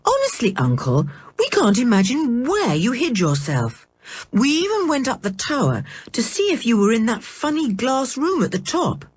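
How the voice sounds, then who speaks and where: A woman's voice: a little high, huge pitch swings, moderate pace, breathy edge, no room sound, pitched above the performer's own voice, full character voice. A woman reading a storybook, voicing an eager, curious schoolboy who keeps pressing with questions.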